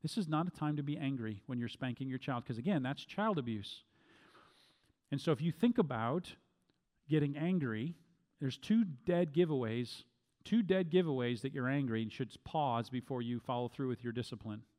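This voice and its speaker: A middle-aged man giving Bible-based teaching, speaking deliberately and repeating key phrases for emphasis. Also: mid-range voice, lively intonation, darkish tone. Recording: long hall reverb.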